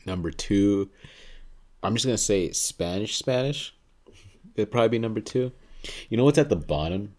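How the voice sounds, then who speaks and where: A man's voice: lowish voice, expressive, normal speed, pauses often, darkish tone. A man chatting and joking with friends in casual podcast banter. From Mexican heritage. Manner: joking, does mock accents, laughs often.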